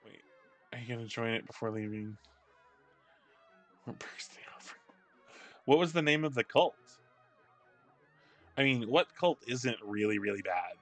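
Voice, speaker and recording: A man's voice: medium pitch, lively intonation, measured pace, pauses often, fairly bright tone, faint music behind. A man streaming a video game, wryly commenting and reading out its dialogue. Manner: wry, reads game dialogue aloud. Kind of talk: gameplay commentary.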